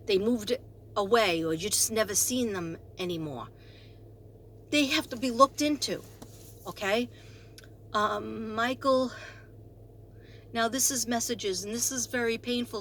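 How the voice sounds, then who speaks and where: A woman psychic talking to camera, earnest and halting, with many fillers and restarts as she passes on spirit messages. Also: mid-range voice, fairly bright tone, a little hiss or hum. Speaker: psychic medium and tarot reader. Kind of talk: slow talk to camera, reading spirit messages.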